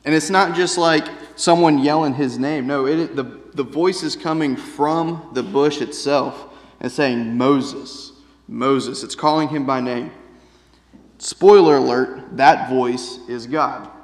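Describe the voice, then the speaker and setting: A man with a fairly high voice preaches unhurriedly in a church sanctuary, keeping his sermon casual and conversational. He keeps checking in with "right?", and the hall's long reverb is audible.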